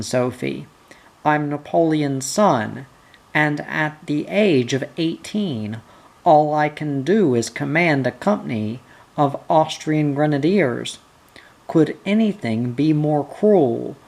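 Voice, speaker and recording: A bitter, proud prince of eighteen, intense and resentful, speaking slowly with a gravelly edge, as a reader puts him on. The low, rough voice stays close to the reader's own. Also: male voice, animated, full character voice. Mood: bitter earnest. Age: teens.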